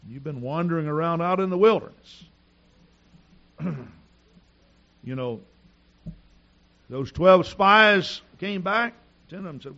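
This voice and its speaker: Middle-aged guy preaching, bouncy pitch, muffled lo-fi recording. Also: takes it slowly, pauses often. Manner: animated, repetitive storytelling with restarts. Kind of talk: sermon with storytelling.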